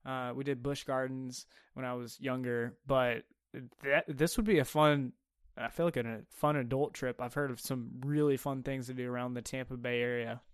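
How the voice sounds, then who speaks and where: A man hosts a casual sports podcast, talking in a chatty, stop-start way full of fillers. His voice is smooth and clear. The sound is dry and close. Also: medium pitch, fairly even intonation, no echo. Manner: chatty, halting with restarts and fillers. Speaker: podcast host.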